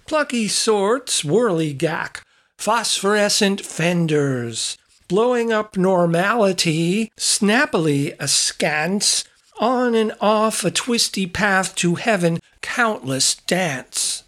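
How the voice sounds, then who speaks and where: A woman reading a whimsical poem aloud in a slow, rhythmic recitation. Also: medium pitch, expressive, a bit bright. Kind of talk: poetry reading.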